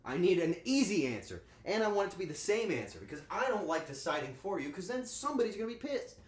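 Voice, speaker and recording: A man's voice: high-pitched, very animated, quick pace. A man streaming casually while cooking at home, joking crudely and talking back to his chat. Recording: echoey room with faint ambience.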